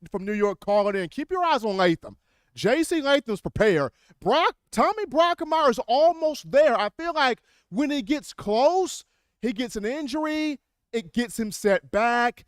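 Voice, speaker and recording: A man hosting a sports call-in show, energetic and quick, taking callers with repeated catchphrases. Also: extremely high pitch, smooth, no echo, clean studio sound.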